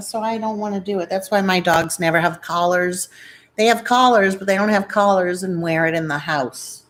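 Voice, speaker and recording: Rambling, low-voiced woman streaming live. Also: normal speed, a little hiss or hum, poor audio. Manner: rambling, distracted chatter. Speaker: livestream host. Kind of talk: casual live-stream chat. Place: at home.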